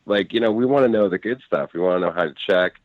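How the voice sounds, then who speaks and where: A man's voice: deep voice, fast talker, dry recording. A man casually telling a long personal story, rambling with many fillers and restarts and acting out what others said. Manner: rambling, lots of fillers and restarts, acts out quotes. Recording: dry phone-like audio.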